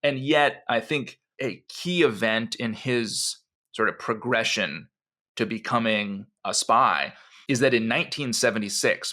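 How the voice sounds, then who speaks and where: A mid-range male voice, pushed and bright, belongs to a podcast co-host telling a history story. His delivery rambles conversationally, with many asides, lots of "you know," and repeated restarts.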